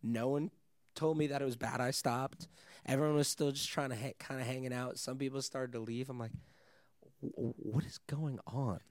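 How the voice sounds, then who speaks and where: A young man, a DJ guest, telling a wild story in casual chat, animated and swearing often, laughing as he goes. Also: medium pitch, moderate pace, no echo, studio quality.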